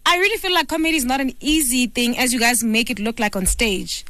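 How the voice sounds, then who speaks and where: A woman's voice: fairly high pitch, fast talker, bright, forceful tone, dry recording, clean studio sound. A woman hosting a breakfast radio show, chatty, giggly and curious with her guest. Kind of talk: radio interview.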